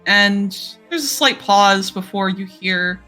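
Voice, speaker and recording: A woman narrating as game master of a tabletop game, unhurried, with many fillers and frequent laughs. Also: mid-range voice, sharp tone, faint music behind.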